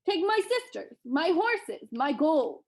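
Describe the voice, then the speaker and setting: A woman's voice: a little high, very animated, normal speed. A woman reading aloud and voicing a grateful male giant who proclaims grandly. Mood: generous.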